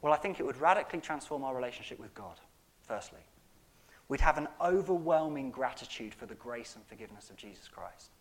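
A man preaching a sermon as pastor, emphatic, swinging between loud and soft and putting rhetorical questions to the congregation. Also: medium pitch, expressive, a little fast.

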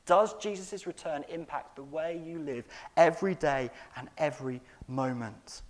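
A man preaches from the pulpit with a voice pitched a little high. He leans hard on key words, swings from near-shouts to quiet lines and keeps pressing the congregation with questions. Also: normal speed, few pauses. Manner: emphatic, wide swings between loud and soft; asks the congregation rhetorical questions. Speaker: pastor. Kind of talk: sermon.

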